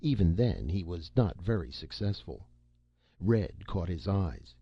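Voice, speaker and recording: A man narrating a science fiction story as an audiobook, expressive and shifting into character voices. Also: low voice, a little slow, husky, no room sound. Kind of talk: scripted narration. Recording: dull lo-fi, dry.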